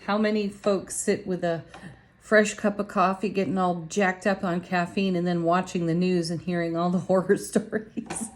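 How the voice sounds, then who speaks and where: A woman's voice: lowish voice, little pitch movement, moderate pace. A woman reading tarot cards to her viewers in a casual, chatty, upbeat way. She laughs often and talks straight to her audience. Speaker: tarot reader.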